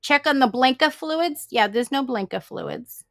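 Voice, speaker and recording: A middle-aged woman with a Boston accent, chatting casually on a live stream through a headset and telling stories full of quick wisecracks. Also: high voice, lively intonation, gravelly, fairly bright tone, no echo. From Massachusetts. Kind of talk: casual chat.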